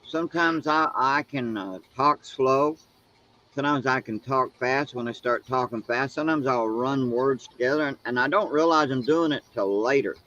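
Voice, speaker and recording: A man from Arkansas with a Southern US accent, speaking haltingly with many pauses and uh's in casual chat. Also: medium pitch, sharp tone, lo-fi sound. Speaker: stream chat participant.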